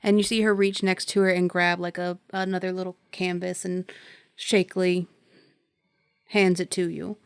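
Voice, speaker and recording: A woman's voice: lowish voice, level tone, moderate pace, vocal fry, clear, resonant tone, no room sound. A woman narrating as game master for a tabletop horror game, describing scenes at length with many filler ums.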